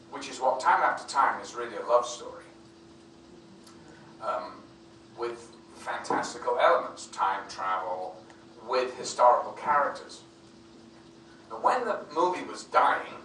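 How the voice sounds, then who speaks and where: A man telling anecdotes in a bright, forceful voice, jumping into other people's voices as he quotes them. He sits some distance from the mic in an echoey convention room, with faint noise behind him. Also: medium pitch. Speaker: film actor interviewed as guest. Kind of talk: anecdotal storytelling. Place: convention venue.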